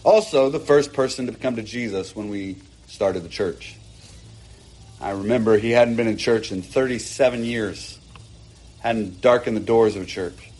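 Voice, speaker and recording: A man, a pastor, preaching an earnest sermon from a pulpit in his church, with emphatic rising bursts and quick asides. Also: lowish voice, darkish tone.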